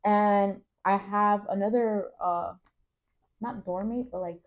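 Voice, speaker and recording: This young adult woman co-hosts a podcast, and her mid-range voice moves at a slow pace. In casual chat she tells a rambling story packed with fillers and acted-out quotes.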